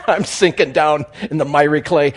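A man speaking as a guest church speaker, telling a humorous story in a sermon with animated, chuckling delivery. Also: fairly high pitch, unhurried.

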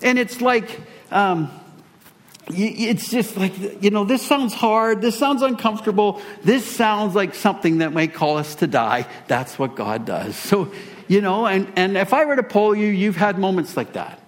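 A male pastor telling a personal story in a sermon, animated and self-deprecating. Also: sits high, a little slow.

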